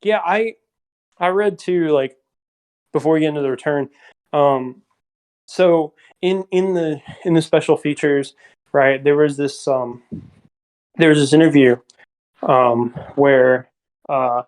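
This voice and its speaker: A man talking about films on a podcast, animated, with many fillers, often acting out lines. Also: a little high, takes it slowly, pauses often, clear, resonant tone. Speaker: podcast co-host or guest. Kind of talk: casual film discussion.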